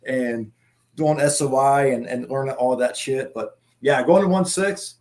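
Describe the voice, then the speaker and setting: A man's voice: mid-range voice, unhurried, a little mellow. A middle-aged man, a guest, telling stories in a rambling, profane casual chat.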